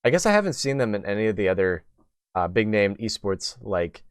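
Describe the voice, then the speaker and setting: Rambling young man with a smooth low voice. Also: very animated, fairly quick, no room sound, studio quality. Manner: rambling, many fillers and restarts. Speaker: podcast host. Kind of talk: casual podcast chat.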